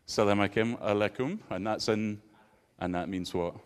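A man's voice: lowish voice, steady tone, moderate pace, smooth. A man, a pastor giving an interactive sermon and bantering playfully with his congregation.

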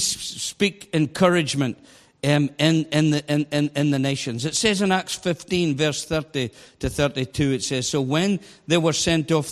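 A man preaching a sermon, animated and storytelling, sometimes bursting into a shout. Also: on the high side. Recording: long hall reverb.

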